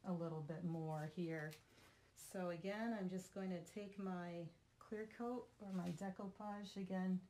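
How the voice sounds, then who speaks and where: Chatty Vermont woman, low-pitched. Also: warm tone. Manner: chatty, self-deprecating, jokes aside to someone off camera. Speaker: craft tutorial host. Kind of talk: casual craft demonstration.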